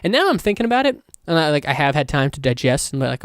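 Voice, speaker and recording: A man hosts a solo podcast in a loose, rambling way, swearing often and getting worked up as he talks. His voice sits a bit high and comes across smooth and clear. The close mic gives a dry sound with almost no room. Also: fast talker, no room sound. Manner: rambling, profane, excitable. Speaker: podcast host.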